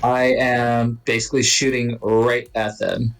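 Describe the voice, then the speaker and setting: A player talks casually at a tabletop game, describing what their character does. The voice is mid-pitched. Faint music runs in the background. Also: level tone, unhurried, gravelly, rough recording. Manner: casual, narrates own character's actions.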